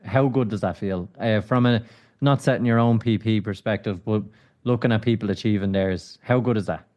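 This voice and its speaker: A man's voice: lowish voice, normal speed, dull audio. A man hosting a running podcast, asking long questions and teasing his guest. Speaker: podcast host. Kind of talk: casual interview chat.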